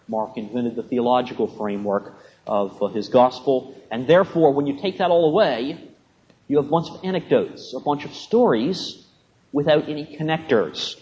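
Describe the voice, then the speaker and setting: A man giving a classroom lecture in a measured, halting way, with frequent pauses and a dry sense of humor. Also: mid-range voice, a little mellow, lo-fi sound.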